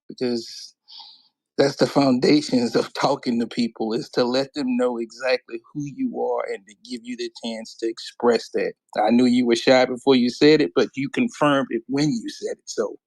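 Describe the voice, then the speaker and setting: Man, flat monotone delivery, earnest, dry close sound. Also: medium pitch, normal speed, no echo, poor audio.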